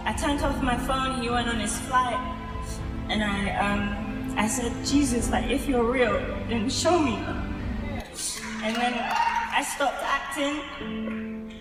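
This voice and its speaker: A woman giving a halting, earnest spoken testimony, often repeating herself. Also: fairly high pitch. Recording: echoey hall, far from the mic. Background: loud music and crowd.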